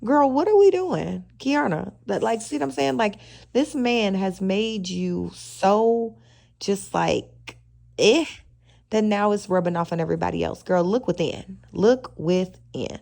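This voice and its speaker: Woman, sassy slangy recap chat, gravelly edge, mellow dark tone. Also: medium pitch, measured pace. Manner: sassy, animated, slangy and opinionated. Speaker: reality TV recap vlogger. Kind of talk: casual chatty episode review.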